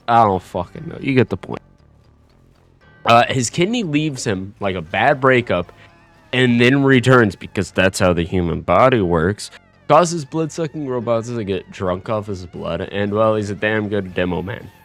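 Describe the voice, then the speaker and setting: Low-voiced brash gaming YouTuber man. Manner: brash and profane, with joking asides and self-corrections. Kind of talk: casual tier-list commentary read from a script.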